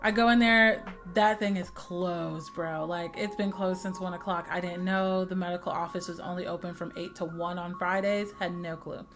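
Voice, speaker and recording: A young woman vlogger casually retelling a frustrating day, acting out the dialogue with lively, dramatic delivery. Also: on the low side, normal speed, hardly any pauses, music in the background. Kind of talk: casual storytelling chat.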